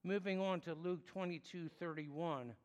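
A man preaching a sermon in an earnest, explanatory way with measured pauses. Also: fairly high pitch, long reverb tail, highs cut off.

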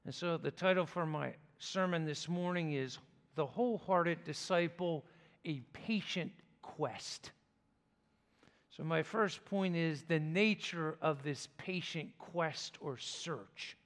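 A man preaching a sermon as pastor, speaking in a slow, measured way with deliberate pauses. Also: a little high, a bit bright. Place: church sanctuary. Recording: long reverb of a church hall.

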